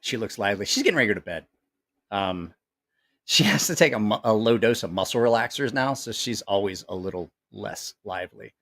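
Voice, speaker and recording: A man's voice: lowish voice, brisk. A middle-aged man chatting casually to a live audience from home, telling rambling stories with lots of swearing and laughter. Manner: profane, laughing, animated storyteller. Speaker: livestream host. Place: at home, family nearby.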